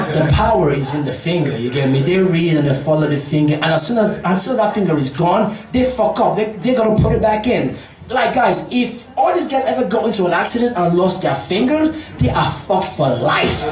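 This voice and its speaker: A man's voice: high-pitched, recorded from a distance, slight background noise. A man performing a stand-up routine in a comedy club, swearing freely and talking straight to the crowd. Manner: profane, addresses the crowd directly. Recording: roomy club recorded from afar with crowd.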